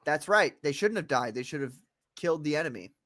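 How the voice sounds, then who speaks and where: A man with a slightly high voice trades crude, mocking jokes in loose podcast banter. The sound is close and dry, with no room around it. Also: lively intonation, fairly quick, fairly bright tone, no echo. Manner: mocking, jokey, teasing. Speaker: podcast co-host.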